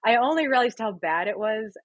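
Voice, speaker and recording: Woman, thirties, husky voice, dry close sound, animated storyteller. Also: on the high side, a little fast, no echo, highs cut off. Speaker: guest, singer and actress. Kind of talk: storytelling in a casual interview.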